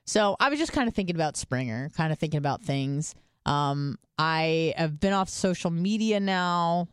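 Woman, podcast co-host, casual rambling chat, lots of fillers, smooth clear voice, dry close sound. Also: deep voice, expressive, moderate pace, dry recording. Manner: rambling storyteller, loose with many "like" fillers.

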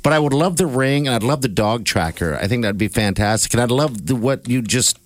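A man hosting a morning radio show, chatty and quick to laugh. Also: mid-range voice, no room sound. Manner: laughs often, lively and chatty. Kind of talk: casual radio banter.

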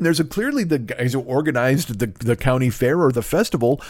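A man's voice: mid-range voice, a little fast, hardly any pauses, dry recording, studio quality. A man in his forties ranting and telling stories on a comedy podcast, profane, sarcastic and rambling. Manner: animated storytelling. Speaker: podcast host.

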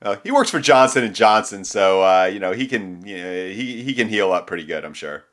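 Sardonic young podcast co-host, lowish voice. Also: male voice, lively intonation, a little fast, fairly bright tone. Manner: dry, sardonic, swears casually. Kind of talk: casual podcast chat.

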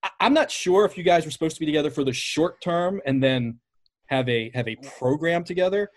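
A man's voice: on the high side, brisk. A man hosting a casual podcast interview, asking long rambling questions with plenty of fillers. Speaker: podcast host.

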